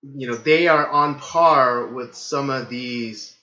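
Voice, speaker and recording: A hoarse man hosting a casual livestream podcast, rambling with lots of fillers. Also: mid-range voice, takes it slowly, pushed and bright, reverberant, lo-fi sound. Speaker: podcast host.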